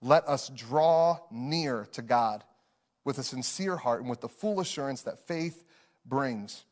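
A man's voice: medium pitch, slow. A man in his thirties preaching a sermon as pastor, earnest, repeating phrases for emphasis and chuckling between lines.

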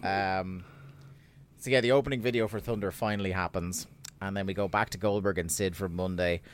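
A man co-hosting a casual podcast recap, sweary and sardonic, getting animated when he rants. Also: low-pitched, a little fast, slight background noise. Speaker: podcast co-host.

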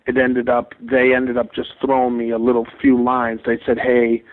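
A man's voice: medium pitch, moderate pace. Profane man telling stories over a phone line. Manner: animated and profane, acts out quoted dialogue. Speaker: comedian calling in as a guest. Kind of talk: casual anecdote telling.

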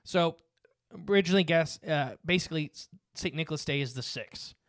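A man's voice: a little high, fairly quick, dry recording, studio quality. A man hosting a casual podcast, reading from notes with frequent fillers and restarts. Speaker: podcast host.

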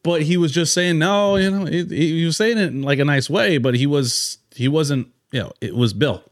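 A man's voice: fairly high pitch, moderate pace, dry recording, clean studio sound. A man hosting a casual podcast chat, telling long rambling stories full of restarts. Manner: rambling storyteller, many restarts and impressions. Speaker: podcast host.

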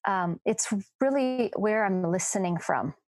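A woman's voice: medium pitch, expressive, measured pace, darkish tone, no room sound. Woman coach, podcast chat; earnest, reflective, dry close sound. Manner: earnest, reflective, frequent restarts.

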